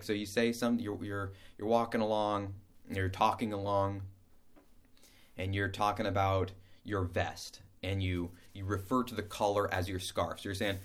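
A man giving a casual spoken lesson in a rambling, playful way, stumbling over words and humming little scat sounds. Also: lowish voice.

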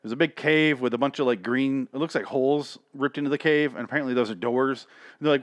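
A man's voice: mid-range voice, fast talker, dry recording. A man recapping a cartoon in a crude, rambling comedic rant that grows exasperated.

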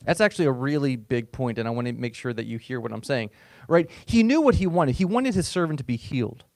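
A male pastor giving a sermon in a casual, conversational manner, stumbling and repeating words as he restarts his thoughts. His voice sits at an ordinary middle pitch. The recording is close and dry, with no room sound. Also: animated, fast talker, darkish tone, no room sound.

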